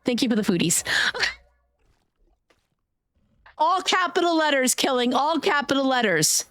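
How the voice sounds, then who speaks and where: High-pitched playful woman streamer. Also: very animated, a little slow, fairly bright tone, no echo, clean studio sound. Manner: playful, teasing, bursts of yelps and exclamations. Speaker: game streamer. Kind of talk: live gameplay stream chat.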